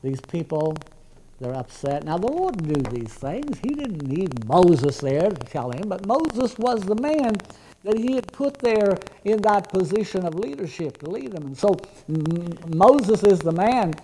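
Man, pastor, sermon, high voice, earnest conversational preaching. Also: sing-song, a little slow, warm tone, a little hiss or hum, poor audio.

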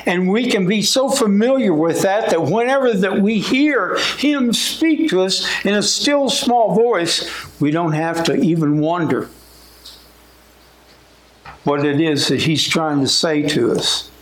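A man preaching a sermon in a folksy, conversational way. He speaks slowly and deliberately, and his high voice climbs whenever he quotes scripture. The room around him rings with echo.

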